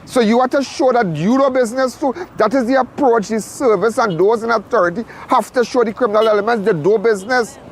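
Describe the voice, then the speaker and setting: A man's voice: extremely high pitch, a little fast, hardly any pauses, slight background noise. A man hosting a crime show, giving urgent, repetitive live commentary from a crime scene.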